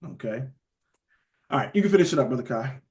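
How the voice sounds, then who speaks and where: A man leading a Bible study in a casual preaching style, lively and conversational, often calling his listeners "beloved". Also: medium pitch, fast.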